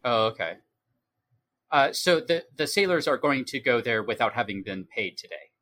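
Lively, hesitant male player. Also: mid-range voice, moderate pace. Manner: hesitant, searching for words. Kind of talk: casual tabletop play.

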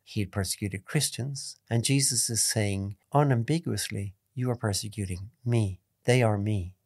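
A priest giving a calm, measured spoken meditation, stressing key points by repeating them. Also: male voice, lowish voice, dry recording, clean studio sound. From Ireland. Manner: calm, measured teaching tone with emphatic repetitions.

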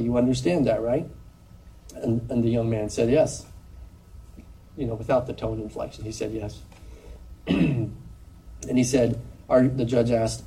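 A man preaching a sermon in an earnest, measured way, with pauses. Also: medium pitch, dark tone, breathy edge, distant mic, rough recording. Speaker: pastor.

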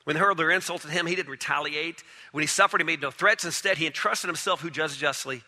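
A man preaching a sermon in a high, very bright and cutting voice. He swings from loud, urgent declarations to hushed, low passages. His voice rings out with a long hall reverb. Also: quick pace.

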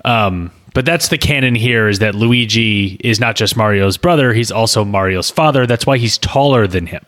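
A man's voice: fairly low pitch, moderate pace. A man rambling and stammering through a comedic script read-through chat. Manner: rambling, stammering, earnest deadpan. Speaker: co-host, script writer.

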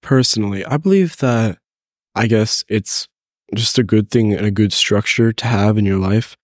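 A man's voice: on the low side, moderate pace, no echo, studio quality. A teenage boy, congested with a cold, answering faith questions thoughtfully and a bit hesitantly as a podcast guest. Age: teens. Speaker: guest, host's son. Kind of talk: casual faith podcast conversation.

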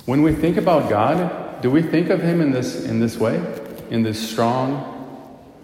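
A man's voice: mid-range voice, unhurried, a little mellow. A man preaching a sermon, telling a story earnestly and posing rhetorical questions to the congregation. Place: church. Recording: echoey church hall.

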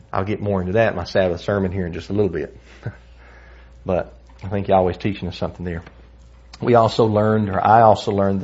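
A man's voice: deep voice, a little mellow, slightly rough. A man teaching a Bible lesson in an earnest, conversational way, telling personal stories along the way. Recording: dull lo-fi recording.

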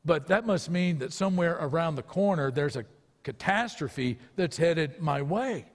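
A man's voice: a little high, animated, a little slow, in a large hall. A man preaching a sermon as pastor, earnest, with rhetorical questions to his listeners.

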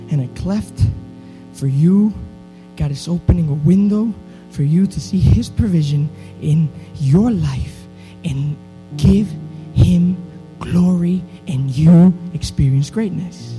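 A male preacher with a notably high voice delivers an impassioned sermon, swinging from steady teaching to loud, urgent calls. Faint music plays softly beneath his words. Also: slow, poor audio. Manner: preaching with rising intensity into shouted exhortation.

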